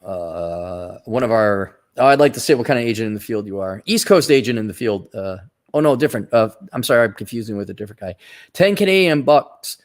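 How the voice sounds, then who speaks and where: A man's voice: lowish voice, lively intonation, fairly quick. A man hosting a casual livestream, reading out viewer donations and giving blunt, rambling opinions with frequent restarts.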